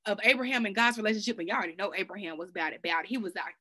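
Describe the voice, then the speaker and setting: A woman giving a casual, excited Bible lesson to her viewers, speaking in loose slang and often sidetracked as she works through scripture. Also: mid-range voice, racing. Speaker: Bible study teacher. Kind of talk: casual preaching to camera. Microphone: self-recorded video.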